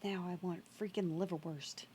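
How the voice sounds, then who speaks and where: A woman's voice: fairly low pitch, steady tone, normal speed, warm tone, slight background noise. A woman game streamer chatting casually on a live stream, laughing often and greeting viewers in chat as she plays.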